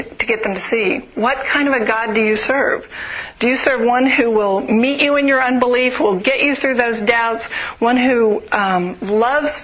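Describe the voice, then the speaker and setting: A woman preaching a sermon, earnest and building through rhythmic repeated phrases. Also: a little high. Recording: tinny phone-like radio broadcast.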